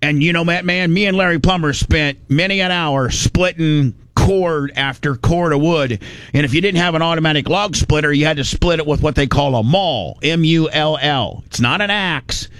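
A man's voice: on the high side, moderate pace, fairly bright tone, no room sound. A middle-aged man from Indiana telling a long casual story, rambling with many restarts and salty words.

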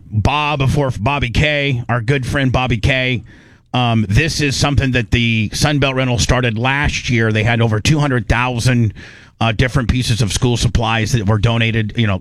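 A man's voice: medium pitch, no echo. A man hosting a radio talk show, rambling in casual banter. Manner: rambling, playful, slips into a mock Canadian voice.

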